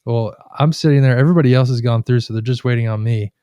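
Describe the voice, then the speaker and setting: Mellow-voiced man telling rambling stories. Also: mid-range voice, fast, clear, resonant tone, dry recording. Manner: rambling storyteller, animated retellings. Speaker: podcast co-host. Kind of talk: casual chat.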